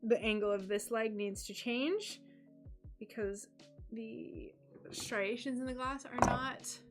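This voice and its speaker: An American woman with a fairly high voice chats on a relaxed craft livestream, laughing at her own jokes as she works. She talks slowly and without hurry, and faint music plays behind her. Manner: giggly, chatty, laughs at herself often. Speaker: stained glass livestreamer. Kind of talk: casual craft livestream chat.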